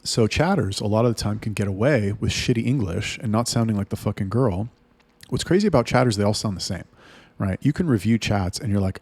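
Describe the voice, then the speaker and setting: A man's voice: lowish voice, a little fast, gravelly, a little mellow, slightly rough, dry recording. A man talking casually and bluntly to camera about running his business, swearing freely and restarting his sentences often. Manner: blunt and profane, with frequent restarts. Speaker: webcam studio owner.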